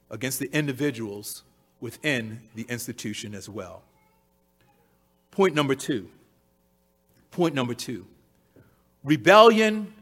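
A man with a notably high voice delivers a sermon. He hammers home phrases by repeating them, rising to loud, emphatic peaks and then dropping into quiet, low-pitched stretches. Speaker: preacher.

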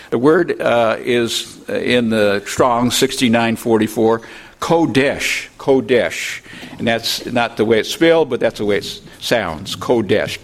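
An older man giving an informal Bible lesson, unhurried, reading scripture aloud and spelling out Hebrew words. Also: mid-range voice. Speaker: Bible teacher.

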